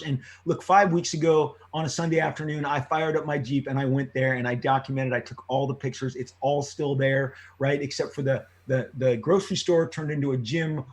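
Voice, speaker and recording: A man in his fifties from Southern California, energetically telling personal stories as an interview guest, with frequent restarts and loud exclamations. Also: medium pitch. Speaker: interview guest, comic creator. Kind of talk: animated storytelling in a long interview.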